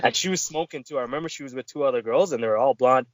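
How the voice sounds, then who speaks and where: A man's voice: medium pitch, racing, slight background noise. A man co-hosting a podcast, chatting casually and laughing, laid-back as he chimes in with his own memories. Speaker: podcast co-host. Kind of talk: casual chat.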